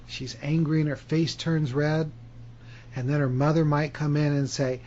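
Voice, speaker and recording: A man with a slightly raised voice talks straight to camera as a self-help author. His telling is animated and emphatic. The sound is dull and lo-fi. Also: on the high side, measured pace. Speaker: author and hypnotherapy teacher. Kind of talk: self-help video monologue.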